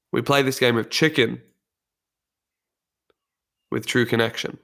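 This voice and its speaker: A man's voice: medium pitch, level tone, unhurried, pauses often, a bit bright. Earnest man giving a motivational talk. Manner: earnest, candid and reflective. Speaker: personal development speaker. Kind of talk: motivational monologue.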